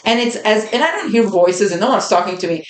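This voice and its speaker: A woman's voice: mid-range voice, animated, fast. A woman host recounting a personal experience in an earnest, vivid way, repeating phrases for emphasis. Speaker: podcast host. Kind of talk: personal storytelling. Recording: roomy echo.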